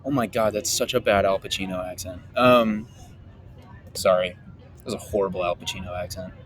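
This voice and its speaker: A young man co-hosting a casual chat outdoors, making quick jokes and apologizing for his own bad impressions. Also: deep voice, a bit bright, a little hiss or hum. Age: young adult. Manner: quick joking asides and self-correcting apologies. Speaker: podcast co-host. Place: outdoor park basketball courts.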